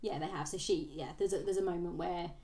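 A woman's voice: on the low side, fairly even intonation, fast, dark tone. Chatty woman recapping a plot. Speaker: podcast co-host. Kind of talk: casual book discussion.

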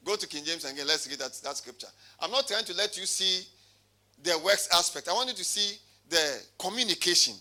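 A man's voice: high voice, animated, brisk, bright, forceful tone. A male pastor preaching a sermon, calling out to his congregation and reading scripture aloud. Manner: preaching with call-and-response.

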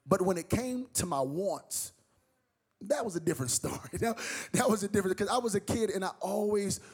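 A man's voice: sits high, fairly quick, darkish tone, slightly rough. A middle-aged man preaching a sermon, telling a story in a rising sing-song cadence. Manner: storytelling, sing-song rising cadence, acting out his mother and his child self.

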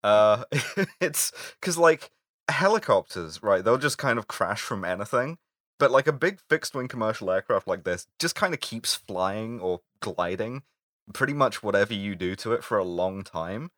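A man's voice: lowish voice, moderate pace, dry recording, studio quality. A man co-hosting a casual podcast, rambling and riffing, swearing freely. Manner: rambling, lively, swears, laughs a lot. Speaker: podcast co-host.

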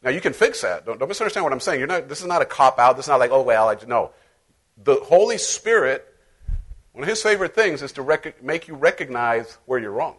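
A man's voice: mid-range voice, lively intonation, fairly quick, a bit bright. A middle-aged male pastor preaching a sermon in a conversational, playful way, acting out little voices as he goes.

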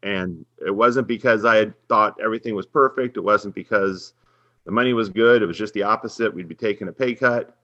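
A middle-aged man from Minnesota, head coach of a women's basketball team, appears as a guest on a podcast, earnestly sharing a personal story of faith. His lowish voice moves fairly quickly, and the recording is dry and muffled. He tells the faith-centered story with sincerity, growing animated whenever he quotes other people.

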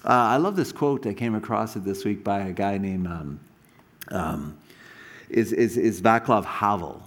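A man's voice: lowish voice, a little slow. A man preaching a sermon, telling stories animatedly with frequent restarts and asides. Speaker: pastor.

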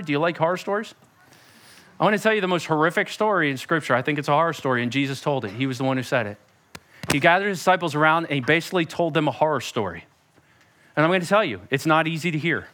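High-voiced animated pastor preaching. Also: male voice. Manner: animated, conversational, playful. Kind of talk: sermon.

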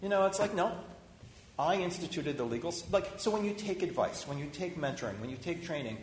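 A man's voice: fairly high pitch, fairly quick. Rabbi guy chatting through a sermon, lots of restarts, echoey room with faint background hum. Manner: conversational, animated, many restarts. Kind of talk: informal sermon discussion. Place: synagogue hall. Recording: roomy hall echo, faint ambience.

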